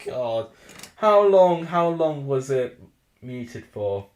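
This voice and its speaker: A man hosting a live football watchalong, excitable and flustered, swinging between ranting and calm analysis over a desk microphone. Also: mid-range voice, drawn-out words, reverberant. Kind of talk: live match commentary and chat.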